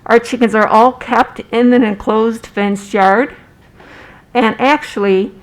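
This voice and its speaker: A woman's voice: medium pitch, low-quality recording. A middle-aged woman giving earnest, direct public comment at a city meeting, speaking from personal experience.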